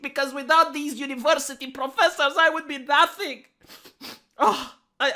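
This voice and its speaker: Bright-voiced sarcastic man with a Romanian accent. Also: very high-pitched, normal speed. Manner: mock-outraged, heavily sarcastic, swings between loud and hushed. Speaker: commentary host. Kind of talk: sarcastic news commentary.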